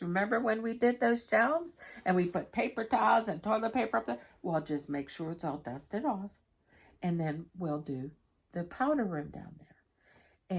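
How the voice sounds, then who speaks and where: Woman, middle-aged, slightly low voice, candid, chatty home vlog storytelling. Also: a little mellow. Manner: chatty, candid, tells stories. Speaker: vlogger. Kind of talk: casual chat to camera.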